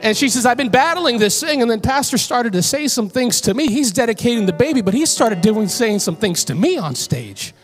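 A woman preacher delivers a sermon from a church stage, her voice swinging widely up and down. She moves between conversational storytelling and emphatic exhortation, with soft instrumental music playing faintly behind her. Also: fairly high pitch, very animated, brisk, hardly any pauses. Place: church sanctuary.

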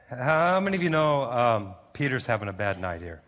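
A male pastor preaching a sermon, telling the story in an animated way and repeating words as he goes. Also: mid-range voice, normal speed, hardly any pauses, big-room sound.

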